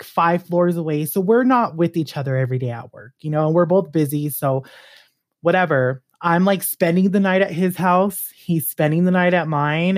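A man in his late twenties telling a personal story in a casual, animated way, swearing freely and acting out the other people's lines. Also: on the high side. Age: late 20s. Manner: animated, profane, acts out quoted voices.

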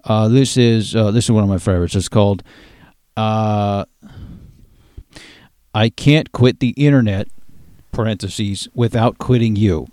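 A man's voice: fairly low pitch, a little slow, pauses often, warm tone, no echo, clean studio sound. A man hosting a comedic interview, gushing enthusiastically over his guest. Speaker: host.

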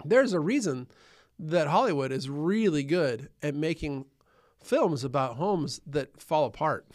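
A man co-hosting a podcast in casual chat, animated and emphatic, repeating points for effect. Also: fairly high pitch, takes it slowly. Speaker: podcast co-host.

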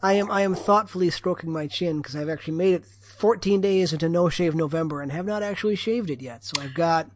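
High-voiced man co-hosting a podcast. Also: a little fast, hardly any pauses, no room sound. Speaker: podcast co-host. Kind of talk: casual chat.

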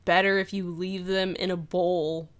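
A woman's voice: lowish voice, flat delivery, a little slow. A young woman, a student, chatting casually with her boyfriend, giggly and full of "like". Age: young adult. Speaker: vlogger, co-host with partner. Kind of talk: casual couple chat.

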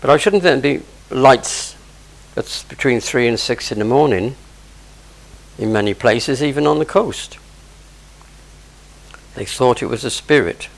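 Male preacher, gravelly, chatty explanatory sermon, mid-range pitch. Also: measured pace, long pauses, low-quality recording. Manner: explains verse by verse, conversational asides. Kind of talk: sermon on scripture.

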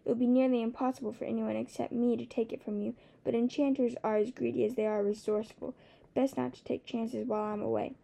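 Woman doing a cocky young dragon guy, wry, teasing, bit gravelly. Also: on the high side, level tone, quick pace, mellow. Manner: teasing and haughty, scoffing. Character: proud wry young male dragon prince. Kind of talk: audiobook character voice.

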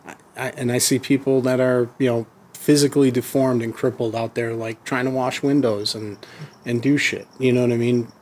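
A man's voice: medium pitch, steady tone, moderate pace, a little mellow. A man guesting on a podcast in casual chat, talking in loose rambling sentences full of "you know" and swearing.

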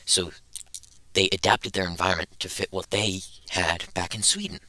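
A man's voice: low-pitched, steady tone, normal speed, bright, forceful tone, clean tone, no echo, poor audio. A young man hosting a casual podcast, rambling and thinking aloud as he goes. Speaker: podcast host.

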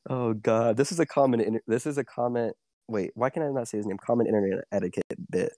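A man's voice: mid-range voice, quick pace, mellow, no room sound, clean studio sound. Teen guy rambling with "like" and "dude". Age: teens. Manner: rambling, filler-heavy "like" and "dude". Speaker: podcast host. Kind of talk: casual chat.

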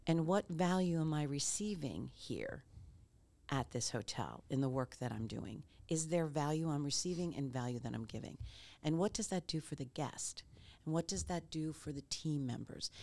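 A woman's voice: sits low, darkish tone, dry recording. A woman hosting a podcast, telling a reflective story in a casual, emphatic way. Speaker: podcast host. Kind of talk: conversational storytelling.

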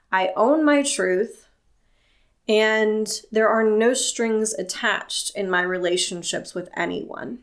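A woman's voice: mid-range voice, fairly bright tone. A woman hosting her own podcast, speaking in a candid solo monologue with an earnest, impassioned, plain-spoken manner. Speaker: podcast host.

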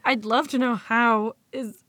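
Woman cohost, playful teasing questions, kinda high voice, dry close mic. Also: fairly even intonation, a little slow, fairly bright tone, slightly rough, no echo. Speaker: podcast co-host and commentator. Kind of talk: casual chat.

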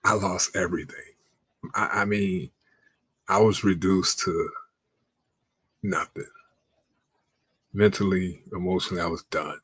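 A man's voice: low-pitched, measured pace, long pauses, a bit bright, husky, no echo. A man telling a personal story in a casual, slangy way, acting out the lines of the people in it. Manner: acts out quoted dialogue in a raised voice; slangy, conversational.

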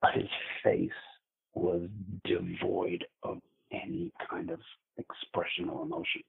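Caller, male: deep gravelly voice, stumbling and repeating himself as he tells a scary story over a tinny phone line. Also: huge pitch swings. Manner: halting, repeats words, many fillers. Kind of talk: telling a frightening personal story.

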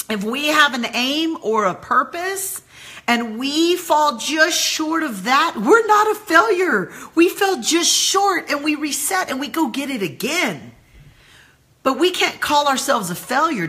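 A woman's voice: on the high side, sharp tone. A woman giving an emphatic motivational talk to women, repeating phrases and calling her listeners girls and y'all. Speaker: women's mentor and speaker.

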